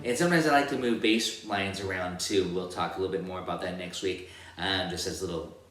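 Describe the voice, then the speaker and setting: A man giving a casual guitar lesson, counting beats and singing rhythms as syllables in a relaxed, rambling way. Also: sits low, a little fast. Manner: sings rhythms as syllables while demonstrating on guitar; relaxed, rambling explanations with restarts. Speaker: guitar teacher. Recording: roomy room with loud guitar playing.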